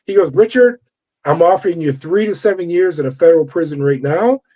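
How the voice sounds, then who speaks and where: Animated, profane man telling his story. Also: on the high side, brisk. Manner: animated, profane, acts out quoted dialogue. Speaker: guest, former corrections officer. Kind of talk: interview storytelling. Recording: dull lo-fi audio.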